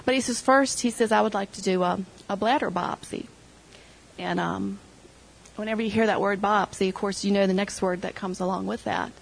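A woman's voice: medium pitch, steady tone, normal speed, vocal fry, rough recording. A middle-aged woman sharing an emotional personal testimony with her church group, retelling conversations as she goes. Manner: emotional storytelling, quoting others.

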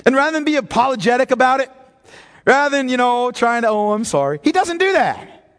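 Man, pastor, sermon, high voice, reverberant sanctuary. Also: a little fast. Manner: animated storytelling preacher, shifts from jokes to solemn emphasis.

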